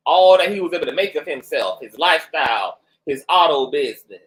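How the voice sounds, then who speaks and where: A woman hosting a gossip commentary channel, talking in a sassy, mocking way with laughs and drawn-out asides. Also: low-pitched, expressive. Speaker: commentary host.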